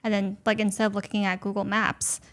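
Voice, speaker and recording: A woman's voice: medium pitch, little pitch movement, fairly quick, fairly bright tone. A woman chatting casually on a tech podcast, talking in a loose, filler-heavy way. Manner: chatty, uses many "like" fillers. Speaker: podcast co-host.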